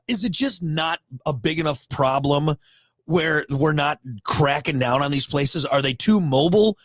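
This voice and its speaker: A man's voice: on the high side, expressive, moderate pace, no room sound. A man co-hosting a casual talk show, rambling and joking with frequent restarts. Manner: rambling, jokey, many restarts. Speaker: co-host. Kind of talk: casual chat.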